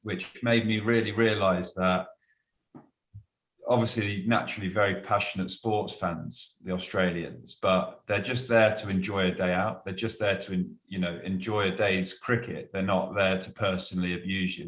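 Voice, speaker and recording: A man's voice: sits low, fairly bright tone. A man, a guest cricketer, chatting casually and telling anecdotes, laughing as he goes. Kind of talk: casual storytelling. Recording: roomy echo.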